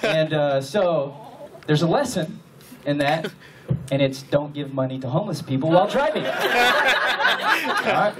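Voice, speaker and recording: A man's voice: fairly high pitch, very animated, measured pace. A man from the American South telling a comic story to a convention audience, laughing often and acting out his own panic. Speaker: convention panel guest. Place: large hotel convention room with live audience. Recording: distant audience recording, loud crowd and noise.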